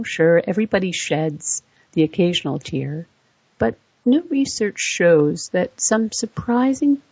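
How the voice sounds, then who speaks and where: A woman narrating an explanatory voice-over, measured and setting out facts point by point. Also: lowish voice, a little mellow, breathy edge, dry recording. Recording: dull lo-fi dry recording.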